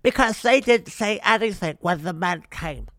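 A mocking impression of an older woman politician, pitched a little higher and set back from the mic, as a man puts her on. The delivery is exaggerated for ridicule, and the recording is dry. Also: lively intonation, moderate pace, a bit bright, no echo.

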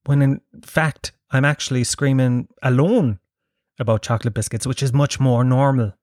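A man's voice: medium pitch, steady tone, normal speed, darkish tone, dry recording, clean studio sound. Rambling, sweary Irish man in his thirties. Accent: Irish, Dublin. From Ireland. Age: 30s. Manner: rambling, sweary, self-mocking. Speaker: podcast host. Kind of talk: casual solo podcast monologue. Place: his sitting room at home.

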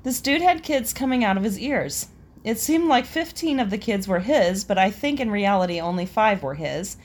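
A woman's voice: medium pitch, animated, normal speed. A young woman casually reading out embarrassing stories and laughing between them. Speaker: storyteller reading listener stories.

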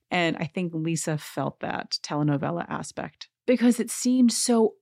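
A woman's voice: fairly low pitch, normal speed, few pauses, no room sound, studio quality. A woman hosting a podcast, giving a chatty, giggly recap of a reality show with playful asides. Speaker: podcast host. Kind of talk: casual reality-TV recap commentary.

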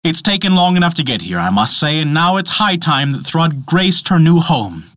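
A man's voice: a little high, very animated, normal speed, a bit bright, dry recording, studio quality, voice pushed up. A man voicing a blunt, proud male dwarf who is testy and haughty.

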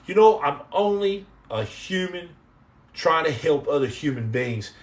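A man's voice: a little high, expressive, a little slow. Rambling livestreamer man, jokey and chatty. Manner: rambling, jokey, repeats words and restarts. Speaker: livestream host answering viewer comments. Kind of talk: casual livestream chat.

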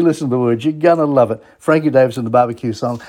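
A man's voice: mid-range voice, quick pace, few pauses, a little mellow. A middle-aged man with an Australian accent, hosting a radio show in a chatty, folksy way and asking his listeners questions. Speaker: radio host. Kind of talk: casual radio talk.

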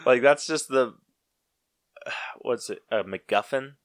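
A man's voice: medium pitch, slow pace, no echo, clean studio sound. A man co-hosting a podcast, talking casually and bluntly about a movie and laughing often. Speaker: podcast co-host. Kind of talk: casual movie review chat.

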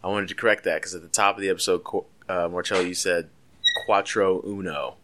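A man's voice: low-pitched, little pitch movement, rapid-fire, a bit bright. A man co-hosting a casual podcast, loose and profane, joking with his co-hosts as he wraps up the show. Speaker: podcast co-host.

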